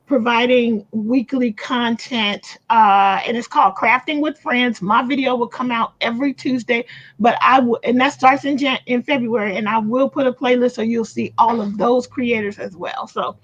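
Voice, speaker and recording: A woman's voice: a little high, steady tone, normal speed, muffled recording. A woman co-hosting a craft livestream, chatting casually with plenty of fillers. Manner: rambling with many fillers. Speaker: co-host of a crochet and craft livestream. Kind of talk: casual chat.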